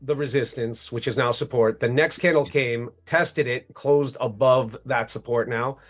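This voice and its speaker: A man's voice: mid-range voice, fairly even intonation, a little slow. A man hosting a trading livestream, upbeat and explaining his trades step by step in casual chat.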